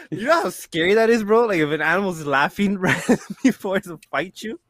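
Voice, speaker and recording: Lively young man, keeps saying bro. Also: high-pitched, normal speed. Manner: laughing, animated, says "bro" constantly. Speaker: podcast co-host. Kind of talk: casual chat.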